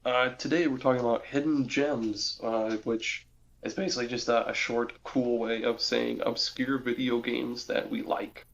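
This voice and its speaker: Young guy rambling about stuff on a podcast, pretty flat monotone, muffled lo-fi sound. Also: medium pitch, moderate pace, vocal fry. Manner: rambling, many restarts and fillers. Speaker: podcast co-host. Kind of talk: casual chat.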